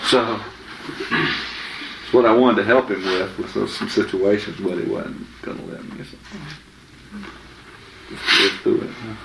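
A man's voice: on the low side, creaky, noisy background. A man giving informal Bible teaching in a chatty, anecdotal way, often laughing. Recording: echoey room with faint ambience.

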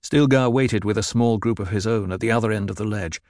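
A man's voice: fairly low pitch, fairly quick, a little mellow, no echo. Man narrating a novel in a dry, close sound. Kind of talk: scripted audiobook narration.

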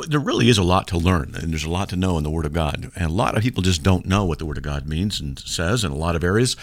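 Low-voiced emphatic radio host. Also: male voice, dry recording. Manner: emphatic, animated preaching. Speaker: radio talk show host. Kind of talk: live call-in radio talk. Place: radio studio. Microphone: studio microphone.

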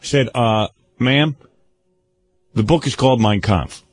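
A man's voice: mid-range voice, unhurried, dry recording. A man hosting a talk radio show, telling a long story with lots of laughter and acting out the other people's lines. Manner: animated, laughing often, acts out quoted voices.

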